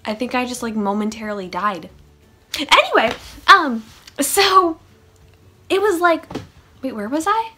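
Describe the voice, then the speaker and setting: A woman's voice: on the high side, animated, measured pace, pauses often, sharp tone, slight background noise. A woman chatting through a funny storytime vlog, with sarcastic asides. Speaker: vlogger. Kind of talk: casual storytime monologue.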